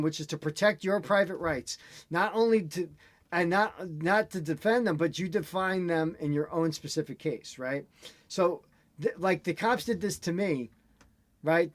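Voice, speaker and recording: A man in casual chat, telling an animated, ranting story as host. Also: on the high side, no room sound.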